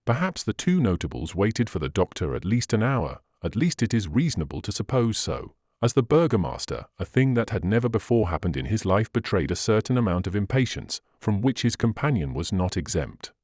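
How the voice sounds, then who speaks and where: Expressive low-voiced male audiobook narrator. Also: fairly quick, hardly any pauses, no echo, clean studio sound. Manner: expressive storytelling reading. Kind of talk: scripted classic novel narration.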